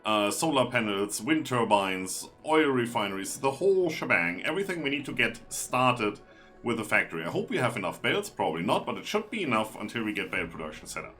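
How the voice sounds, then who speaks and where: A man's voice: mid-range voice, very animated, fairly quick, a bit bright, faint music behind. A man streaming a game live, chatting and explaining each step as he plays.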